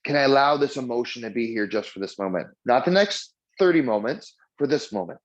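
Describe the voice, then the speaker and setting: A man's voice: medium pitch, fairly quick. Chatty man telling a story, muffled sound. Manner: chatty storytelling with many fillers; acts out dialogue with lively voices. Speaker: mindfulness trainer. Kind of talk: casual spoken lesson.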